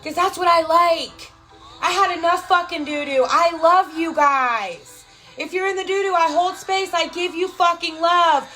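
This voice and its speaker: A woman hosting a casual live stream from home, talking in an excited, profane, motivational way and greeting viewers by name. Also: very high-pitched, unhurried, faint music behind. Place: home, with a cat nearby.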